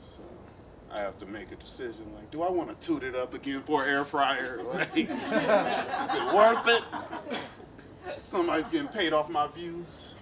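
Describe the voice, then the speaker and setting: A man from East Oakland, California, works through a profane stand-up set full of playful asides, his voice sitting on the high side, expressive, at a moderate pace. It's a live club recording, caught on a distant mic over a loud crowd.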